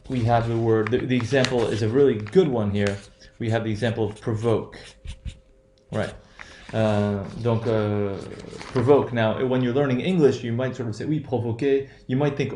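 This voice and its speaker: Halting man teaching in an echoey room. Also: medium pitch, mellow, a little hiss or hum. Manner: halting, self-correcting, many fillers and "right?" checks. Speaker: English pronunciation teacher. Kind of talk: recorded lecture.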